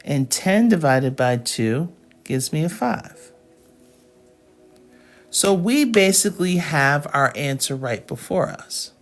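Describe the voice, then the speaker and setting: A woman's voice: deep voice, expressive, slow pace, pauses often, faint music behind. A woman teaching a live math lesson, explaining each step patiently and checking in with her students.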